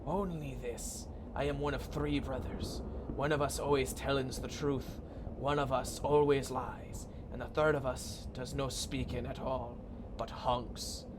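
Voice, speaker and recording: A man voicing a cryptic game character who speaks slowly and gravely in old-fashioned words. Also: mid-range voice, steady tone, background noise, lightly acted. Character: slow cryptic male brother in a riddle.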